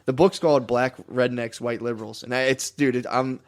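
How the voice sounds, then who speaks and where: Man, podcast co-host, casual chat, rambling, filler-heavy, mid pitch. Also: fairly even intonation, a little fast. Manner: rambling, loose, with many fillers and restarts.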